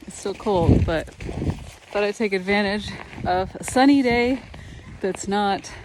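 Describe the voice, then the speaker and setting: A woman's voice: medium pitch, a little slow, very noisy. Chatty woman vlogging from her kitchen. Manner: chatty, rambling, matter-of-fact. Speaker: food vlogger. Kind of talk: casual vlog narration. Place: home kitchen. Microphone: phone held or propped nearby.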